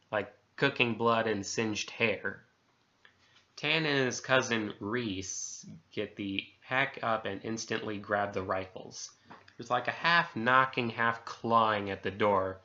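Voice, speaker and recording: A man's voice: on the low side, sharp tone, dull audio. A man casually reading a horror story aloud, swapping swear words for letters and euphemisms as he goes. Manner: conversational, self-censoring swears with letters.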